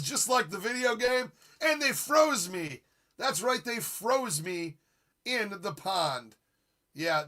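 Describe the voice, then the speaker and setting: A man in his forties hosts a live retro gaming stream in an easy, rambling chat. His voice sits a bit high and sounds bright and edged. He jokes around and reacts to his viewers with excitement. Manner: excitable, jokey, reads chat aloud. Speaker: streamer host.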